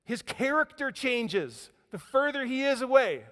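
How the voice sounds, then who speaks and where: High-voiced pastor preaching in a reverberant hall. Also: male voice, sing-song, a little slow. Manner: dramatic storytelling, swings between loud emphasis and quiet near-whispers. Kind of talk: sermon. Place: church auditorium.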